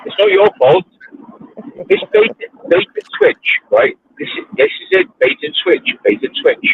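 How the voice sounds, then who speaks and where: A man's voice: very high voice, huge pitch swings, moderate pace, vocal fry, slight background noise. A man, ranting in casual chat while driving his car, swearing freely. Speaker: livestream host. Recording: tinny phone line.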